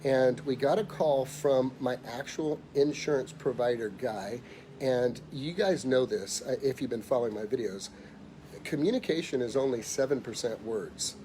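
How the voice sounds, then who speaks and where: A middle-aged man giving a motivational talk, telling a personal story emphatically and dropping quiet when he voices others. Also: mid-range voice, moderate pace, a little hiss or hum. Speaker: motivational speaker.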